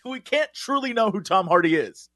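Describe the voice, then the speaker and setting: A young man co-hosting a podcast in casual chat, goofy and quick to slip into silly impressions. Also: high voice, expressive, fairly bright tone, dry recording, clean studio sound. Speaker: podcast co-host.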